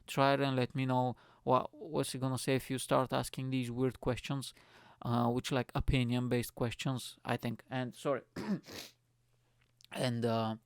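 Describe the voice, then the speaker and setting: A man's voice: medium pitch, a little slow, smooth, no room sound. Rambling, profane man hosting a podcast. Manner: rambling, profane, animated storytelling. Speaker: podcast host. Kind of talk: casual solo podcast rant. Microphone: studio microphone.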